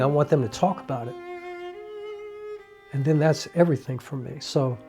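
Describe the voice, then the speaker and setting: Earnest man reflecting, soft-toned voice. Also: a little high. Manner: earnest, heartfelt, with many "you know" fillers; acts out quoted dialogue with raised voice. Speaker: independent filmmaker and playwright. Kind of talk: reflective monologue to camera.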